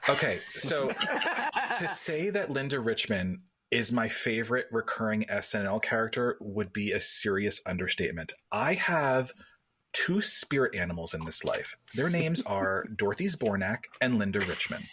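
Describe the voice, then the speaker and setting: A man in his forties from North Jersey, making an animated, theatrical pitch on a pop culture debate podcast and laughing as he goes. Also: normal speed. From North Jersey, USA. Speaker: podcast panelist.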